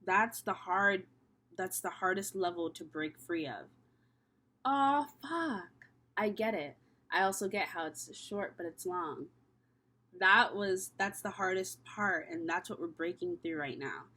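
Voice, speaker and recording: Animated young woman giving a tarot reading. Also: fairly low pitch, unhurried, slightly rough. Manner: animated, swearing, laughing often, swings from loud to soft. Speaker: tarot reader. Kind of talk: casual tarot reading to camera.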